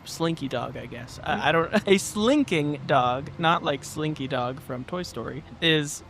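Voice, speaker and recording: A man's voice: on the high side, a little slow, gravelly, fairly bright tone, a little hiss or hum. A man narrating a tabletop game as game master, casual and laughing often.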